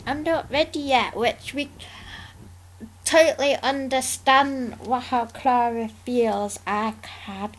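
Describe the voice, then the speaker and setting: A woman with a slightly high voice talks through an episode review in casual chat. She gushes and squeals when something thrills her. The rest of the time she drifts back to a softer, rambling tone. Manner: usually soft-spoken. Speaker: YouTube reviewer.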